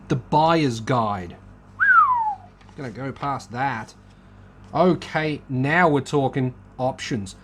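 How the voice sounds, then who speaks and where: A man chatting casually as he flips through a car magazine, musing aloud and joking. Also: on the high side. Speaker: car channel host.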